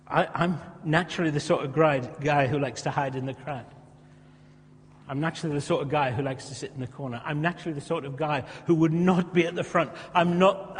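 A man's voice: on the high side, slight background noise. A male preacher, delivering an impassioned sermon and acting out characters. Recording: reverberant hall.

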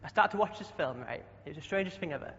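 A man's voice: fairly high pitch, animated, racing, gravelly, a bit bright, slight background noise. A young man preaching a chatty sermon, often asking the congregation questions. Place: church hall. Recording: dull sound with long hall echo.

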